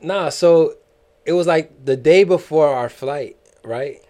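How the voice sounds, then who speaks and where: A man on a podcast, casually telling a story in a slangy, animated way and laughing often. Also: a little high, slow. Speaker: podcast cast member.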